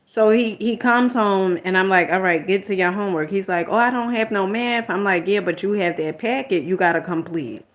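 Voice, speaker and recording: Exasperated middle-aged mom vlogging. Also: female voice, medium pitch, moderate pace, few pauses. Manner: rambling and candid, retells arguments and quotes herself; exasperated motherly lecturing tone. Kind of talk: casual personal storytelling.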